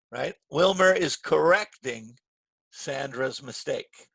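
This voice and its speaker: A gravelly, slightly husky man leads an online English grammar lesson in a rather high voice. The sound is dry and close, as if picked up by his computer mic on a video call. He is patient, asks "right?" again and again, and acts out short example dialogues. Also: expressive, unhurried, a bit bright, no echo. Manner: patient, checks in with "right?" often. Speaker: English teacher.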